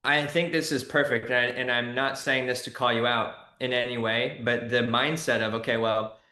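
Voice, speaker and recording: A man's voice: mid-range voice, fairly even intonation, normal speed, sharp tone, reverberant. A man co-hosting a live stream, agreeing and interjecting into the discussion.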